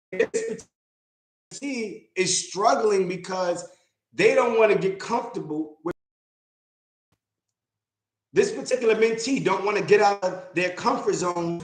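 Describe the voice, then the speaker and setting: Blunt mentor guy on a livestream, keeps repeating himself for emphasis, kinda high voice. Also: animated, measured pace, long pauses, reverberant, soft background music. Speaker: real estate investor and mentor. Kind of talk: livestream talk.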